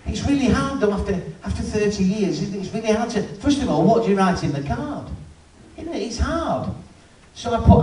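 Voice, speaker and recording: Brief: male stand-up, 50s, dry storyteller, lively pitch, distant roomy hall sound. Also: a little fast. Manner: dry storytelling, chats with the audience. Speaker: stand-up comedian. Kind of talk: stand-up routine. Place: live venue.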